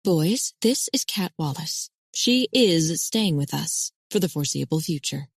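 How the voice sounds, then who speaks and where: A firm, motherly middle-aged woman keeps her household in line, read by a woman narrator. The voice sits low for a woman and sounds close and dry. She speaks in a composed, controlled way. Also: animated, unhurried, creaky, slightly rough, no echo, heavily acted. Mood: calm.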